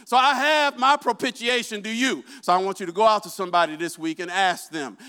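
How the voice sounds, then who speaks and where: A man's voice: high voice, a little fast, hardly any pauses, bright, forceful tone, clear, resonant tone. A man preaching a sermon, constantly calling out to the congregation with questions and asking for amens. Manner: call-and-response, asks the congregation questions.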